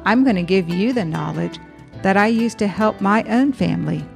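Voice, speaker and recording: A woman who is a geriatric nurse hosting a podcast, telling stories from her work in a calm, earnest, explanatory way. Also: medium pitch, moderate pace, gravelly, faint music behind. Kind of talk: storytelling podcast monologue.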